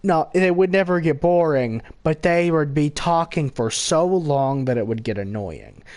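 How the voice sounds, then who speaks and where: A man chatting casually about game characters in a slow, unhurried way. His pitch swings up and down freely. He rambles, corrects himself mid-sentence and slips in giggly asides. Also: animated, a little mellow. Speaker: gaming channel host.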